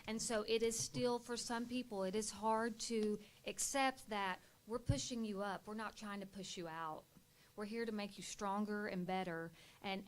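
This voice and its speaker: A middle-aged woman, a school administrator, speaking candidly and earnestly to a school board. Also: mid-range voice. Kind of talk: presentation to a board.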